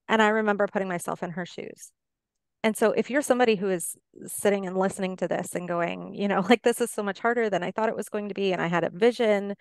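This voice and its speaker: A woman's voice: medium pitch, clear, resonant tone, no echo, clean studio sound. A middle-aged woman, a life coach guest on a podcast, talking casually and giving earnest, encouraging advice.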